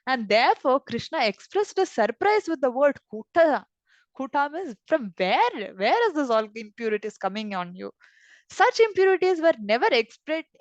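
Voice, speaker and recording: A woman reading from scripture and explaining it in a devotional class, expressive, often laughing and giving everyday examples. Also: high voice, dry recording, highs cut off. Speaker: scripture reader and teacher.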